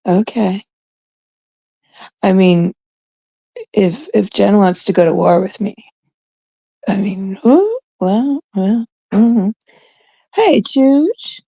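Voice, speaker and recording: A young woman from Canada chatting casually with viewers in a rambling way, now and then dropping into hushed asides. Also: medium pitch, lively intonation, very slow, long pauses, breathy edge, no room sound. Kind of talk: casual chat.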